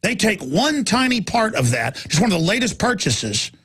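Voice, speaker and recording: A man hosting a talk radio show, delivering an impassioned, ranting monologue that swings from loud outbursts to low asides. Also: big pitch swings, moderate pace, slightly rough.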